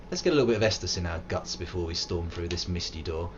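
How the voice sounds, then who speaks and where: English guy in his 30s streaming a game, goofy and rambly, lively swings in pitch, bit lo-fi. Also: quick pace, slight background noise. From England. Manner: playful, rambling, bursts into silly put-on voices. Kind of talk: live gameplay commentary.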